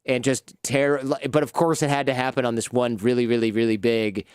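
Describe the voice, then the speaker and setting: A man telling lively anecdotes in a casual interview, acting out the people in his stories. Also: medium pitch, fairly quick, smooth, no echo, studio quality. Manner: animated anecdotes, acts out quoted people. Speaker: podcast host as guest.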